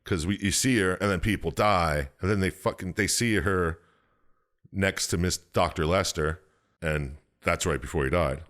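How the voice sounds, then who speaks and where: A man with a very low voice talks through a story in loose, rambling podcast chat. He swears freely and now and then jumps into squeaky, exaggerated voices for the characters. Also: moderate pace, a bit bright. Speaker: podcast co-host. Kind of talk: casual chat, recapping a game plot.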